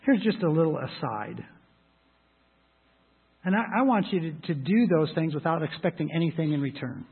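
A man's voice: on the high side, expressive, normal speed, creaky, long pauses, breathy edge. A male pastor preaching a sermon in a conversational, emphatic way, slipping into short acted asides. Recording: phone-like audio with long hall reverb.

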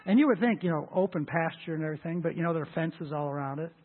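A man preaching a sermon as pastor, with a husky voice and an emphatic delivery that swells loud and high on scripture. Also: rapid-fire. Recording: tinny lo-fi phone-like sound.

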